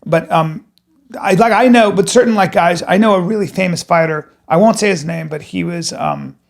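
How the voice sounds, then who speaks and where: A man who is a comedian, chatting casually on a podcast and telling a profane, excitable story. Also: high voice, moderate pace, creaky.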